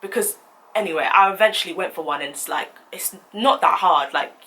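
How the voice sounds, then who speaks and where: A young woman telling a story in a vlog, animated and indignant as she recounts it. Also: fairly low pitch, a little fast, poor audio. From United Kingdom. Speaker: vlogger.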